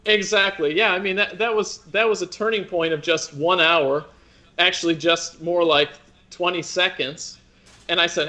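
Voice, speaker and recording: A man in his thirties, an opera singer being interviewed, speaks in a bright, forward voice. He pitches a little above most men and talks thoughtfully, circling back with restarts and "you know" as he gathers his thoughts. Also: fairly even intonation, normal speed. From United States. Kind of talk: conversational interview.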